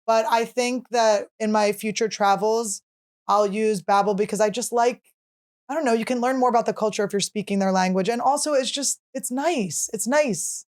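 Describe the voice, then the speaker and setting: A woman's voice: on the high side, normal speed. A woman hosting a casual comedy podcast, joking playfully while reading sponsor ads. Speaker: podcast host.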